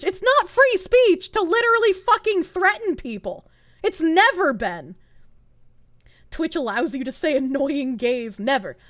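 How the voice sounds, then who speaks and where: A woman's voice: very high-pitched, lively intonation, unhurried, no echo, clean studio sound. A woman streamer ranting live in heated, sarcastic, profane commentary. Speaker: Twitch streamer.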